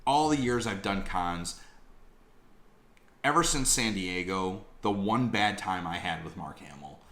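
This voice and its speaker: Male vlogger, deep voice, loose chatty delivery, lots of ums. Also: animated, a little slow, fairly bright tone. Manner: rambling, lots of fillers. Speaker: vlogger reviewing a convention. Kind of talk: casual rambling vlog.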